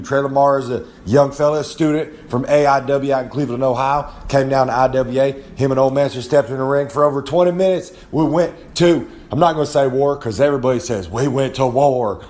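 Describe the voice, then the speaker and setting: Recording a podcast segment in his trailer at home, a young Southern wrestler talks casually with a medium-pitched, slightly mellow voice. His rambling, folksy drawl includes calling himself by name in the third person.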